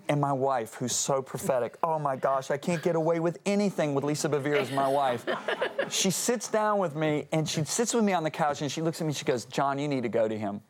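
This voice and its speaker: A man's voice: on the high side, expressive, fairly quick. A man, a Christian author and guest speaker, telling a story earnestly on a talk show, acting out quotes with animation.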